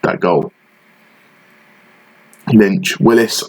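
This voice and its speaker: A man's voice: fairly low pitch, fairly even intonation, takes it slowly, breathy edge, poor audio. A man giving frustrated, sarcastic play-by-play commentary over a football management game he is playing. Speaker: gaming channel host.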